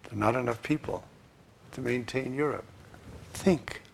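A man preaching a sermon, swinging from loud, emphatic lines to hushed asides. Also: medium pitch, normal speed, creaky, slight background noise.

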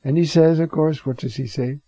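A man's voice: on the high side, fairly even intonation, moderate pace, mellow, dry recording. A man preaching on scripture, digressive, with rhetorical asides and Hebrew words. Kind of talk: scripture teaching sermon. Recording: dull lo-fi recording.

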